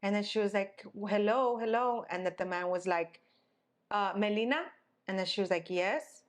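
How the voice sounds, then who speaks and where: A woman's voice: lowish voice, little pitch movement, brisk. A young woman co-hosting a podcast, telling a story in casual chat. She tells it dramatically and acts out the people she quotes. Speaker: podcast co-host.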